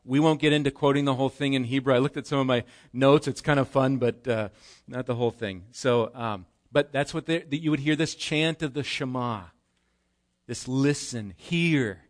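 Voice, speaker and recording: Man, pastor, explanatory sermon, rhetorical questions, mid pitch. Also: moderate pace. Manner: conversational, explanatory preaching with restarts and rhetorical questions. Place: church.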